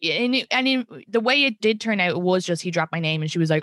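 Woman, comedian guest, animated storyteller, casual swearing, mid pitch, dry close sound. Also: fast, few pauses, no room sound. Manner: animated, acts out quotes with swearing. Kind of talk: casual podcast chat, storytelling.

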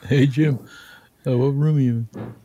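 A man's voice: medium pitch, steady tone, normal speed, dark tone, no echo, dull audio, lightly acted. A man voicing a crude prank caller on the phone who teases mockingly. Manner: mocking, teasing.

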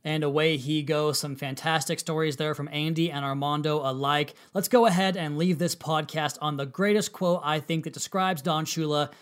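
Male podcast host, a touch high-pitched, steady and earnest. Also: moderate pace, few pauses, clean tone. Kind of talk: podcast interview and wrap-up.

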